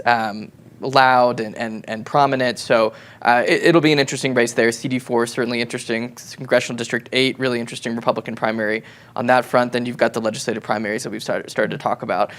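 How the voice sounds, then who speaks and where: A man giving his views on a political panel, hedging with fillers and restarts as he talks. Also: medium pitch. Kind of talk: panel discussion.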